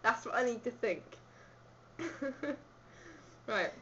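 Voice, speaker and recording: A woman's voice: on the high side, expressive, slow pace, a bit bright, slight background noise. A woman chatting and giggling with a friend while filming a home video, on a dull lo-fi recording. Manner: giggly, chatty, self-mocking. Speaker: video maker. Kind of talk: casual chat with a friend.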